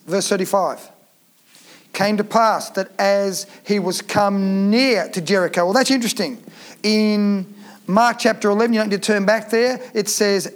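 A man preaching a Bible teaching sermon, reading scripture aloud and then explaining it plainly, slowing down to stress key phrases. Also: sits high, fairly even intonation.

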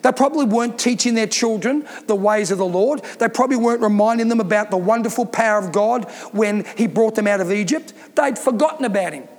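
A man's voice: high voice, fast talker, hardly any pauses, big-room sound. A man preaching a sermon as pastor, emphatic and given to repeating his points. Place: church.

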